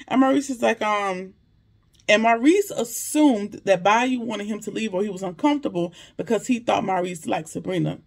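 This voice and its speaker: Gravelly, animated TV recap host. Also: medium pitch, brisk. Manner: animated, acts out characters' lines in slangy asides. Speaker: TV episode reviewer. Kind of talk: casual recap and commentary.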